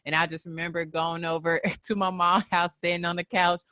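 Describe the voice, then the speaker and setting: A woman in her thirties hosting a podcast, chatting in an animated way and acting out what relatives said. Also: fairly low pitch, fairly quick, no room sound, clean studio sound. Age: 30s. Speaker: podcast host. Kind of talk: casual conversation.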